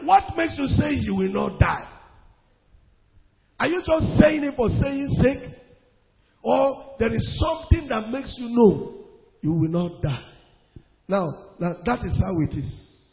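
A Nigerian pastor preaching with a high, emphatic voice that swings between loud bursts and hushed asides, repeating his lines for weight. The sound is dull and lo-fi, with a long reverb trailing off the hall. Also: very animated, takes it slowly, vocal fry, long pauses. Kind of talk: sermon.

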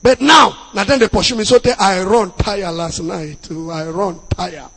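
A man with a Nigerian accent preaching as a pastor, dropping into Pidgin asides and bursting into loud emphasis. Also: high voice, moderate pace, husky. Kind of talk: sermon. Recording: long hall reverb.

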